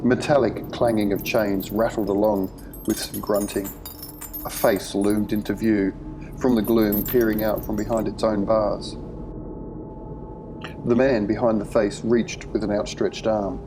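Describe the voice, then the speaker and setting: A man narrating a horror short story in a measured, vivid storytelling manner. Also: on the low side, level tone, background noise.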